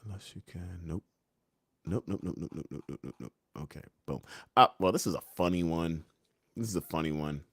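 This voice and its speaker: A man's voice: low-pitched, fairly quick, a bit bright, slightly rough, dry recording. A young man hosting a casual livestream, reading the chat and memes aloud, joking and laughing often in a laid-back way. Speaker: livestream host.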